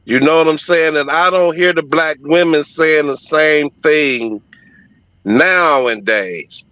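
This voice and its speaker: A man's voice: a little high, slow pace, sharp tone, no room sound. A middle-aged man telling a story in casual conversation, emphatic and profane but heartfelt. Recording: dull lo-fi audio, dry.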